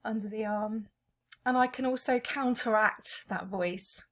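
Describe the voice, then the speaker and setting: Each tapping point is named in turn as a woman with a mid-range voice gently guides an EFT session at a slow pace.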